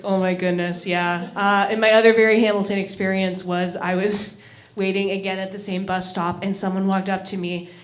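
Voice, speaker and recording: A woman's voice: mid-range voice, flat delivery, normal speed. A woman doing a stand-up set at an open mic, telling stories with frequent giggles and self-deprecating asides. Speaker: stand-up comedian. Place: small comedy venue, echoey room. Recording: echoey live room.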